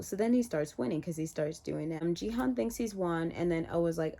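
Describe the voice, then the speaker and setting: A woman's voice: on the low side, fairly quick, vocal fry. Chatty woman recapping a show. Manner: chatty, heavy use of "like", animated retelling. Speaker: TV show reviewer. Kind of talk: casual recap and reaction.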